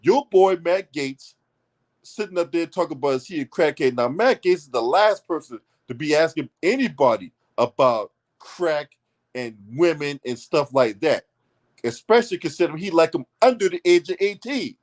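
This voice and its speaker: A man's voice: a little high, expressive, normal speed. A man hosting his own political commentary channel, ranting in a heated, profane and sarcastic way.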